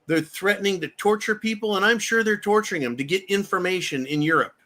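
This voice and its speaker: Casting: slightly high-voiced male host, angry profane political rant, hammering repeated lines. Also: fast talker, pushed and bright. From United States. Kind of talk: heated political commentary.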